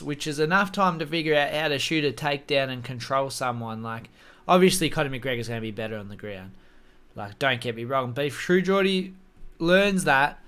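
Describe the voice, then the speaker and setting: A man's voice: a little high, a bit bright, clear, resonant tone. A man talking casually to camera, giving opinionated, rambling takes on fights and swearing freely. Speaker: MMA commentary YouTuber.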